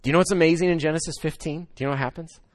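Male pastor, 30s, dry close sound, animated storytelling sermon voice. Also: on the high side, rapid-fire, dry recording. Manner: storytelling with swings from loud excitement to hushed emotion.

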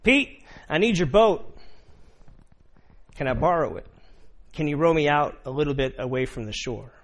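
A man voicing a calm, gentle teacher who asks a favor in a soft, persuasive way. His voice sits a little higher than a plain talking voice. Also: moderate pace.

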